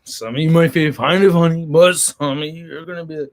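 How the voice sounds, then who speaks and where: A man's voice: a little high, fairly even intonation, fairly quick. A man hosting a casual livestream, reading viewer comments and joking in a rambling, profane way. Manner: rambling, profane, jokey, many restarts. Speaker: toy collector channel host.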